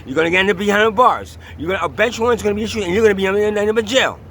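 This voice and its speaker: Guy venting into his camera, high sharp voice, cursing and firing off questions, faint traffic outside. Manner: angry, profane ranting with repeated rhetorical questions; halting with many restarts when calm. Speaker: vlogger. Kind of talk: personal video diary and rant.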